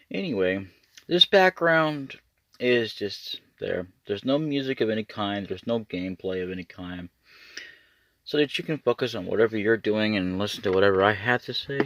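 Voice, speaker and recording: A man's voice: lowish voice, no echo. A man giving a casual, rambling update to his channel's viewers, restarting sentences often. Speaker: YouTuber.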